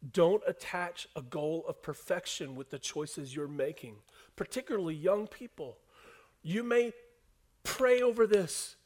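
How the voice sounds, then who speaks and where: A male pastor delivers a sermon to his congregation in a noticeably high voice. He drops to soft, hushed lines and then climbs back to loud, emphatic passages. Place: church hall before a congregation.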